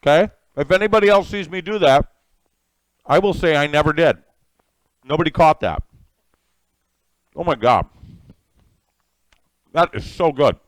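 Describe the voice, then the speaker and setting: A man's voice: fairly high pitch, animated, measured pace, pauses often, dry recording. A middle-aged man hosting a live cooking stream from his home kitchen, eating as he talks and greeting viewers by name. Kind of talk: casual live-stream chat while eating.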